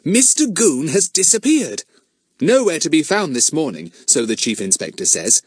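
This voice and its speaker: Guy doing a clever cocky kid detective, quick and sure of himself, dry close sound. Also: fairly high pitch, big pitch swings, husky, dry recording, voice pushed up. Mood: confident. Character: clever confident boy, leader of young sleuths.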